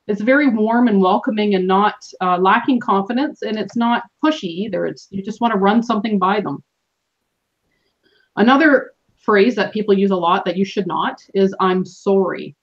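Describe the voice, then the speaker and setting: A woman's voice: medium pitch, normal speed. Canadian-born woman host, earnest coach, lo-fi call sound. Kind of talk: motivational team call talk. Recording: dull lo-fi call audio.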